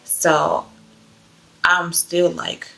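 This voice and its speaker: A woman's voice: fairly low pitch, little pitch movement, drawn-out words, gravelly, bright, forceful tone. A young woman from Georgia, telling her personal testimony in a chatty, loose way full of fillers. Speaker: vlogger sharing her testimony. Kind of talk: casual personal storytelling.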